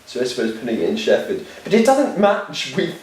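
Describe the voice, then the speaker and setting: A man's voice: mid-range voice, huge pitch swings, fairly quick, darkish tone. A young man co-hosting a casual chat, opinionated and rambling, often asking "you know what I mean". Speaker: podcast co-host. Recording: very echoey room, mic far away.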